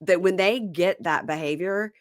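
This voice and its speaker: A middle-aged woman hosting a casual chat that recaps a reality show, talking fast and acting out the cast's lines in quick voices. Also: fairly low pitch, no echo, studio quality. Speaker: podcast host.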